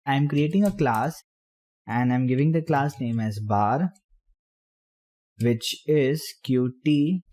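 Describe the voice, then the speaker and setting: A man explaining programming step by step while typing, in halting phrases. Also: mid-range voice, dark tone. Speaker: programming tutor. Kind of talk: screen-recorded coding tutorial.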